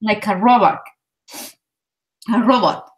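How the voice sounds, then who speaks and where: A woman from Colombia whose English carries a Colombian Spanish accent. She chats through a vivid story, piling on fillers as she goes. Her speaking voice sits at an ordinary mid pitch. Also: takes it slowly, poor audio. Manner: animated storytelling with many fillers. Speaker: language learner. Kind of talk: casual conversation practice.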